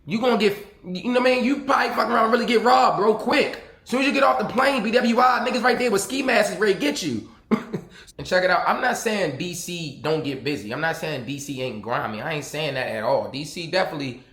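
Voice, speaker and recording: High-voiced Baltimore man in echoey room. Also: fast talker, a bit bright. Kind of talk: casual chat.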